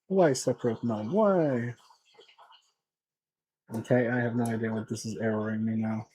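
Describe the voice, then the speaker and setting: A man's voice: medium pitch, expressive, unhurried, pauses often, dark tone, poor audio. A man from Sweden chatting casually with his live chat while repairing electronics, often muttering to himself as he works.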